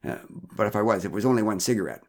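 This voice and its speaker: Guy reading a flustered dad, loud and jumpy, stammers and protests way too much. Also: on the low side, expressive, fast. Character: flustered middle-aged father, rattled and defensive.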